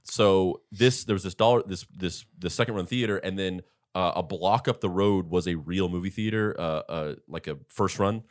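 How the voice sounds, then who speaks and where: A young man with a deep, low voice tells long, meandering stories from work. He is hosting a casual chat show and leans heavily on fillers and restarts. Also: moderate pace. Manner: rambling, animated retelling with many fillers. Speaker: podcast host.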